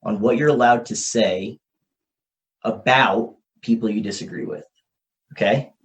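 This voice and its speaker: A man hosting a podcast, thinking out loud as he explains ideas at a whiteboard and often checks in with "okay?" and "right?". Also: lowish voice, unhurried. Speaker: podcast host. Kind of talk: casual explanatory podcast talk. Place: room with a whiteboard.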